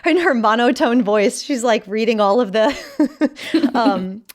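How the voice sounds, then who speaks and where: A young woman co-hosting a casual podcast, animated and laughing often as she reads quotes aloud. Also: fairly high pitch, unhurried. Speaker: podcast co-host.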